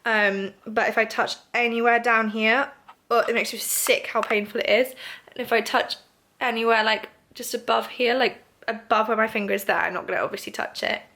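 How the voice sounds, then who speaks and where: A woman's voice: a little high, steady tone, moderate pace, pushed and bright. A young woman talking casually in a video diary, nasal and congested, chatty and emotional. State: congested, nasal after surgery. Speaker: vlogger.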